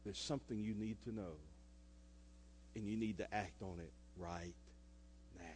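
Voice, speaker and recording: A male pastor, preaching a sermon and swinging between loud emphasis and soft asides. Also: fairly low pitch, steady tone, unhurried, faint music behind. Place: church sanctuary. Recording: echoey church hall.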